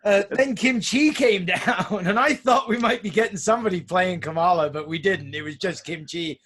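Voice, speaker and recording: A man co-hosting a podcast, chatting casually about a wrestling show in an excitable, blunt way, with casual swearing. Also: sits high, normal speed. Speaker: podcast co-host. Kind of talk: casual wrestling recap chat.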